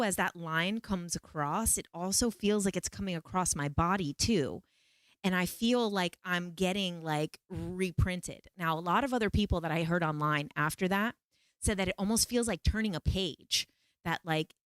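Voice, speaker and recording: A podcast host woman tells a story in a loose, animated way, rambling and full of fillers. Her voice sits a little low and sounds smooth and clear. The recording is dry and close, with no room sound. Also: dry recording. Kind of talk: casual storytelling.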